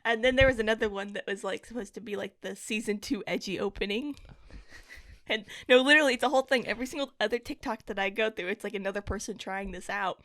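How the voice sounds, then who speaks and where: A woman's voice: medium pitch, fast, fairly bright tone. Young woman, giggly podcast host. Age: young adult. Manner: giggly, laughs often. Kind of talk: casual chat.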